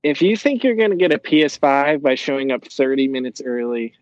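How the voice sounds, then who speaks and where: A man's voice: medium pitch, animated, fairly quick, dry recording, muffled recording. A young man telling a long, rambling story in casual chat, swearing and using lots of fillers.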